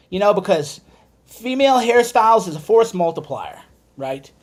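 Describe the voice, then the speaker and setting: A man ranting as a political commentator, swearing and heated, swinging between loud outbursts and low muttered asides. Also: sing-song, normal speed. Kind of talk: angry livestream rant.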